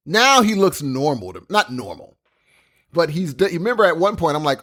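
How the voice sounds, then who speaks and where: A man's voice: a little high, sing-song, moderate pace, a bit bright. A man co-hosting a podcast in casual chat, rambling and calling his friend dude. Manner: rambling, says dude a lot. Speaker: podcast co-host.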